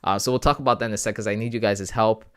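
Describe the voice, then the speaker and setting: A man from Canada hosting a casual live stream. He chats with his viewers in a relaxed, friendly way about his trading, often calling them bro and man. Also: on the low side, racing, clean tone. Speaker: livestream host sharing trading analysis.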